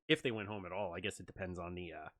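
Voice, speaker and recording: A man reacting to a video in casual commentary, loose and hesitant, with a lot of fillers as he thinks out loud. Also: deep voice, expressive, quick pace. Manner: loose and hesitant, many fillers, laughs along.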